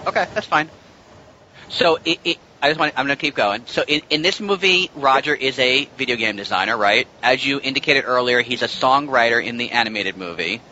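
Bright-voiced man chatting about a film. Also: medium pitch, brisk. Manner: talkative, explains at length with many restarts. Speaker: podcast co-host. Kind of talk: casual movie discussion. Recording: lo-fi with faint noise.

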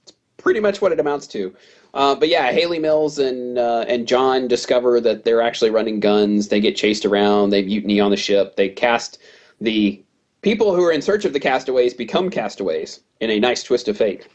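A man's voice: medium pitch, normal speed, lo-fi sound. A man co-hosting a casual movie podcast, recapping the plot and playfully acting out characters' lines in a raised voice. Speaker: podcast co-host.

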